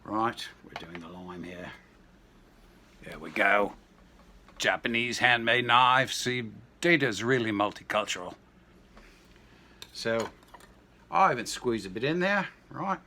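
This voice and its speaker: Bright-voiced rambling man in his sixties. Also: on the low side, lively intonation, unhurried, long pauses, a little hiss or hum. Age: 60s. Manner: rambling, jokey asides and anecdotes. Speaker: home cooking vlogger. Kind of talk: casual kitchen demo chat.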